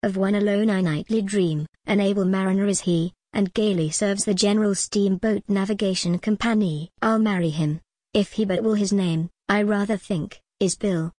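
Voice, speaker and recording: A woman's voice: mid-range voice, fairly even intonation, moderate pace, warm tone, dry recording, natural voice. A woman reading the lines of a pert, scornful young fisher girl. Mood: dreamy.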